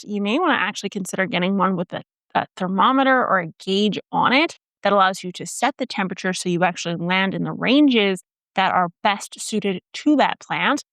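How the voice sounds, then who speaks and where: A woman's voice: mid-range voice, a bit bright, dry recording, clean studio sound. A woman hosting a gardening channel, giving casual instruction with joking asides. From Canada. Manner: chatty, joking asides, listing items. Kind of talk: casual instructional talk to camera.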